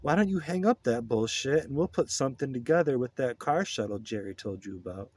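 A man voicing a crude, burned-out male drifter who is laid-back and profane, with a higher, loose drawl. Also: animated, brisk, a little mellow, slightly rough, no room sound. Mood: scornful.

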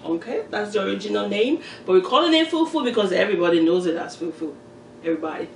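A woman's voice: mid-range voice, lively intonation, fast talker, creaky, recorded from a distance, a little hiss or hum. A woman with a Nigerian Yoruba accent hosts an eating show in a playful, chatty way, talking straight to her viewers. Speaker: mukbang host. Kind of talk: casual eating-show chat. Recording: roomy echo, voice off-mic.

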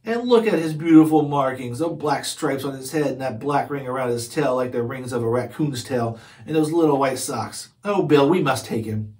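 A man's voice: mid-range voice, moderate pace, darkish tone, far from the mic, lightly acted. A man doing a gushing young woman. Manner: gushing, delighted. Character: gushing young wife, kitten lover. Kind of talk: children's book read-aloud.

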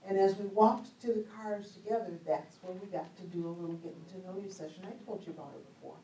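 A church conference speaker with a mid-range, dark-toned voice moves at a quick pace through a storytelling sermon, chatty and humorous with frequent laughter. The distant mic in the echoey hall adds a little hiss or hum.

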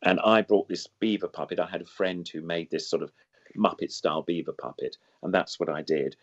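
Older male guest, deep voice, enthusiastic rambling storyteller, muffled lo-fi audio. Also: steady tone, brisk. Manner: enthusiastic, heaps on superlatives; digressive, loses then regains the thread. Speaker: guest puppeteer. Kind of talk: reminiscing interview chat. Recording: dull lo-fi sound.

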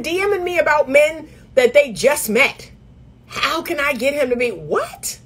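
A middle-aged woman, a dating coach, giving emphatic, sassy dating advice straight to camera, laughing often and mimicking others in a high voice. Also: very animated, a little slow, fairly bright tone.

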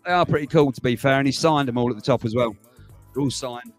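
A man's voice: medium pitch, fast, soft background music. A man hosting a livestream, chatting casually to viewers, rambling and laughing as he goes. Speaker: livestream host.

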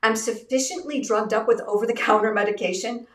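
A middle-aged woman from the United States hosting a craft livestream giveaway, upbeat and chatty, congested and a little raspy from illness. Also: on the high side, fairly even intonation, fairly quick, echoey room, recorded from a distance. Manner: upbeat, chatty, addresses viewers directly. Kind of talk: live-stream product giveaway chat.

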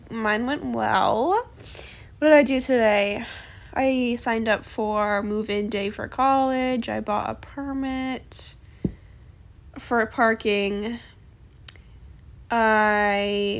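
A young adult woman in casual gameplay chat, soft-spoken and chatty, recorded on a phone in a quiet bedroom late at night. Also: fairly high pitch, gravelly. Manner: chatty, soft-spoken, calls viewers bestie. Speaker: gaming YouTuber.

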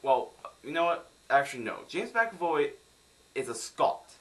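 A man's voice: fairly high pitch, big pitch swings, a little slow, a bit bright. A young man from the United States ranting sarcastically in a film review vlog.

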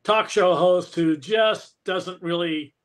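A man's voice: high-pitched, takes it slowly, fairly bright tone. A man co-hosting a talk show, chatting casually with short, jokey remarks. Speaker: co-host. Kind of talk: casual interview chat.

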